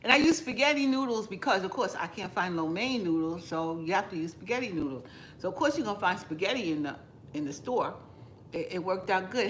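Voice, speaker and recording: Seorang perempuan dengan aksen New mengobrol santai sambil makan di dapur rumahnya, bicaranya bertele-tele dan kadang dengan mulut penuh makanan. Nada suaranya sedang, khas vlog masak yang direkam di rumah. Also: female voice, mid-range voice, expressive, fairly quick, a little hiss or hum. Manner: chatty, rambling, talks while eating with mouth full. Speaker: cooking vlogger. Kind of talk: casual eating vlog chat with live viewers. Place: home kitchen.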